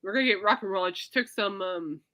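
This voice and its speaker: She has a mid-range voice and a fast delivery, hosting her own podcast with rambling, casual stories. Animated in her storytelling, she alternates between loud and soft and calls the people tuning in "people."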